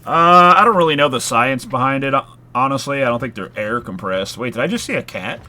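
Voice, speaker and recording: A man's voice: medium pitch, expressive, fairly quick, pushed and bright. A man casually chatting while he streams a horror game live, rambling with lots of filler words and casual swearing. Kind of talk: casual live gameplay chat.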